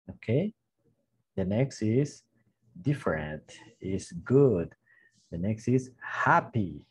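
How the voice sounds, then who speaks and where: A man teaching an online class for beginners, speaking slowly and repeating each word with hesitant fillers. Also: mid-range voice, animated, darkish tone, husky. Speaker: English teacher. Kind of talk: slow online language lesson with gestures.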